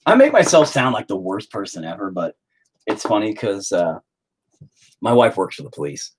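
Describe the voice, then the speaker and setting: A painting vlogger talks to his audience as he works, rambling, cursing, and feigning anger. He speaks at a moderate pace in a lowish, husky, sing-song voice.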